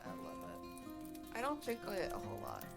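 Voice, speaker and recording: A woman's voice: very deep voice, huge pitch swings, moderate pace, vocal fry, loud music behind the voice. A woman chatting casually as a caller in a voice chat, teasing and playful.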